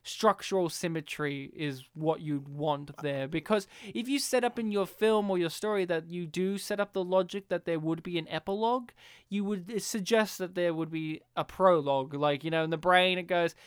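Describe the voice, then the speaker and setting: A man's voice: high-pitched, moderate pace, clear, resonant tone, no echo, studio quality. A man co-hosting a film review podcast, chatting casually, joking and swearing now and then. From Australia. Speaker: podcast co-host.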